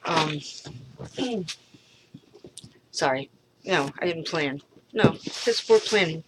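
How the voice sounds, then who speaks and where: A middle-aged woman in a rambling personal monologue, frustrated, halting, swearing freely and trailing off. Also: deep voice, noisy background. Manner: halting, with many pauses and fillers. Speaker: vlogger.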